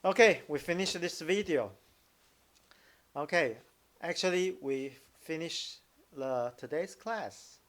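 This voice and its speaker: A man with a Mandarin Chinese accent teaching a live online lesson, halting, restarting phrases and demonstrating tones out loud. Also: a little high, expressive, a little hiss or hum. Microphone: computer mic, video call.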